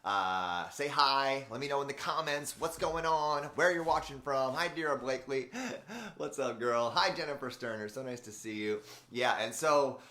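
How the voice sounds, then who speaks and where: A man's voice: mid-range voice, normal speed, pushed and bright. Chatty man live-streaming from an echoey room. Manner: chatty, rambling, laughs often, greets viewers by name. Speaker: host, transformational speaker and coach. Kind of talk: unscripted live-stream talk. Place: room in a new house being made into a studio. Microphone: camera framing, live stream. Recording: echoey, mostly empty room.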